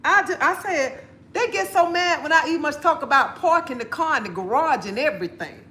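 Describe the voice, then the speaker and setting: A woman's voice: high-pitched, lively intonation, a little fast, pushed and bright. A middle-aged woman, chatting bluntly on a livestream and laughing often. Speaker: livestream host. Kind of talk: casual livestream chat.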